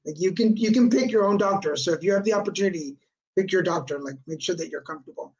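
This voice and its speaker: A man's voice: high voice, fast talker, darkish tone, lo-fi sound. A man hosting a live video chat, telling a funny story in a sarcastic, joking way and dropping in Spanish words. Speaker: host. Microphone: video call.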